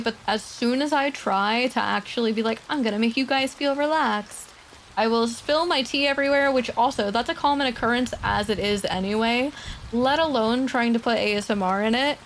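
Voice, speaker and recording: A woman streamer chatting casually and quietly with her viewers at her desk mic, laughing often and swearing now and then. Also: fairly high pitch, a little fast, slight background noise. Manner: soft-spoken, talking quietly. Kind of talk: casual livestream chat. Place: home streaming setup.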